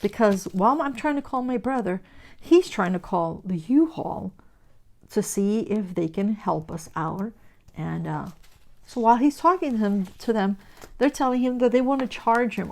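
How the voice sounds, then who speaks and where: A middle-aged woman chats casually to her viewers while she works on a craft, in a voice of ordinary pitch for a woman. She tells her story with lively animation and acts out what each person said. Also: a little fast. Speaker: crafting vlogger.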